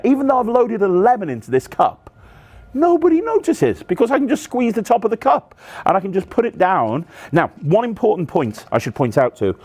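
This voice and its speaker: A man explaining a sleight-of-hand magic trick step by step, demonstrating moves as he talks. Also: mid-range voice. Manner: demonstrative, walks through moves aloud. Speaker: magic instructor.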